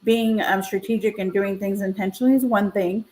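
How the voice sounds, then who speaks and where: A woman's voice: medium pitch, a little fast, low-quality recording. Chatty woman telling a story. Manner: animated, acts out quoted voices. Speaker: realtor and co-host. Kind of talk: casual storytelling on a live stream.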